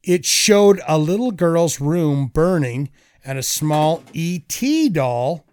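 A man hosting a casual podcast, reading out movie trivia and quiz clues in a slow, deliberate way. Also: fairly high pitch, animated, a little mellow, clear, resonant tone.

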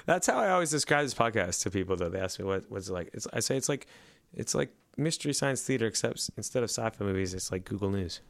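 A man's voice: on the low side, expressive, quick pace, gravelly, no room sound. A man co-hosting a casual podcast, reading news headlines aloud and quipping about them. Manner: reads headlines aloud, then laughs and quips.

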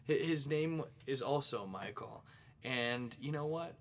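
A man from the St. Louis area hosting his own podcast alone, rambling excitedly with jokey asides. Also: medium pitch, unhurried, creaky. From St. Louis area, Missouri. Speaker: podcast host. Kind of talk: casual solo podcast monologue.

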